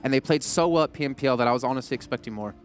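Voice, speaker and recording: A man hosting an esports broadcast desk, with an energetic, upbeat hype delivery. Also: medium pitch, rapid-fire, faint music behind.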